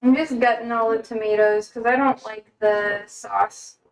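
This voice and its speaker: A woman's voice: fairly high pitch, steady tone, measured pace, poor audio. An American woman cooking in her home kitchen on a live stream, chatting casually and answering her chat. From United States.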